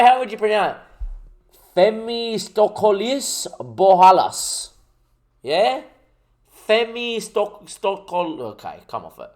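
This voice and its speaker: A young man hosting his gaming channel, chatting casually and jokily as he thinks out loud over gameplay. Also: medium pitch. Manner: rambling, jokey, thinks aloud while playing.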